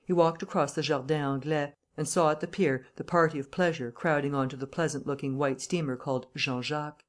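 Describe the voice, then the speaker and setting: A woman reads a classic novel aloud as audiobook narrator. Her delivery is measured and even, in a steady storytelling manner. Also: deep voice.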